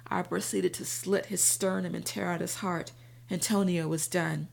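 A woman narrating a first-person audiobook in a steady, even storytelling manner. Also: lowish voice, moderate pace, creaky.

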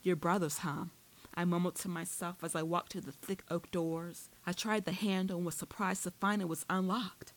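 A woman narrating a first-person audiobook in a steady, descriptive storytelling manner. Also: lowish voice, moderate pace, few pauses, low-quality recording.

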